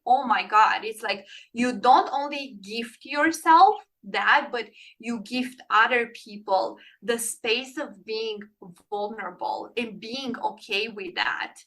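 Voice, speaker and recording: Woman guest, earnest and encouraging, bright and a touch high. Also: a little slow, hardly any pauses, poor audio. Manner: earnest, encouraging, speaks softly when quoting comforting words. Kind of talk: casual conversation.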